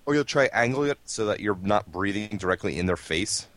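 A man co-hosting a podcast, throwing in quick, crude, teasing banter. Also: on the low side, lively intonation, fairly bright tone, no room sound. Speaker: podcast co-host. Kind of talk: casual chat.

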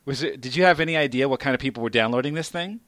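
A man hosting a casual podcast, joking around and jumping in with quick questions. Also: medium pitch, fairly bright tone, dry recording, studio quality. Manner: jokey, quick interjections. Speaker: podcast host.

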